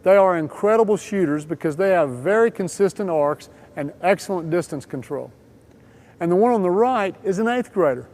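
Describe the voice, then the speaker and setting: With a markedly high, somewhat mellow voice and lively intonation, a man narrates instructional training content. The delivery is scripted and deliberate, covering every point in sequence.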